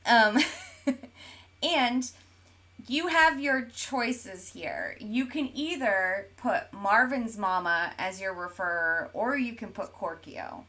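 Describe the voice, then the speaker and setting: Woman co-host, easygoing chatty talk, reads chat comments aloud, plenty of ums, mid-pitched voice. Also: slow, bright, forceful tone. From Oklahoma, USA. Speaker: podcast co-host. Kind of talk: casual chat while streaming.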